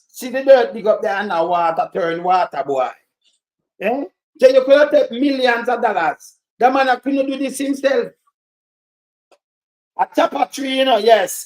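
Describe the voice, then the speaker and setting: A man's voice: high-pitched, darkish tone, reverberant, low-quality recording. A Jamaican man chatting casually on a live stream, greeting viewers by name and joking in patois.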